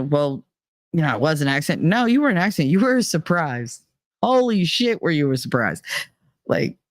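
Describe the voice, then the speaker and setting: A woman's voice: low voice, dry recording, clean studio sound. A woman hosting a podcast, talking through a candid, casual monologue in a blunt, profane way, laughing often as she tells her stories. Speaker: podcast host.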